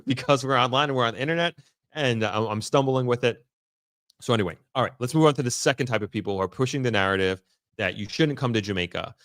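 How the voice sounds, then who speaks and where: A man's voice: mid-range voice, fairly bright tone, dry recording, studio quality. A man giving a casual, unscripted update to his viewers, often stopping and restarting as he picks his words with care. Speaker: vlogger giving an on-the-ground update. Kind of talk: casual unscripted talk to camera. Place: in the area the update is about.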